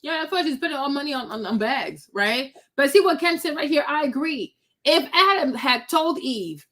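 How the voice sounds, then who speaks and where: A woman host giving blunt, animated reaction commentary in a casual rant. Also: high-pitched, moderate pace. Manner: blunt, animated, preachy ranting.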